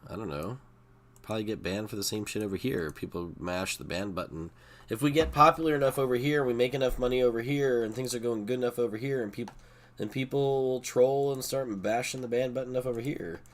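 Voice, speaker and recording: A man's voice: medium pitch, brisk. A middle-aged man chatting casually and profanely while streaming poker, rambling and getting worked up. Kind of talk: casual live-stream chat.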